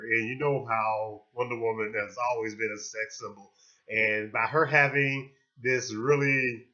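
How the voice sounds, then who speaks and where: Bright-voiced man reviewing a film. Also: mid-range voice, lo-fi sound. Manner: rambling, with many fillers and restarts. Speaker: movie reviewer. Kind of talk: casual spoken movie review.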